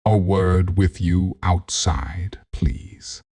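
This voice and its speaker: A man voicing a gruff, protective Southern cousin with a gruff Southern accent. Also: low voice, takes it slowly, a little mellow, exaggerated voice.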